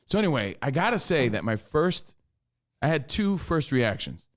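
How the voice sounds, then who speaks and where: A man co-hosting a radio show, telling stories in casual, excitable banter. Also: a little high, normal speed. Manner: animated, excitable storytelling.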